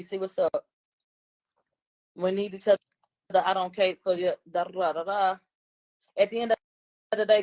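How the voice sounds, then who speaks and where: A woman's voice: medium pitch, darkish tone, no room sound. A woman, a guest commentator on a livestream, talking bluntly and combatively in casual chat.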